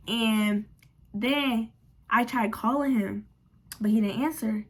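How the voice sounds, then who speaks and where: A young woman vlogger telling a storytime in a casual, animated, slangy and frank way. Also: on the high side, takes it slowly, breathy edge.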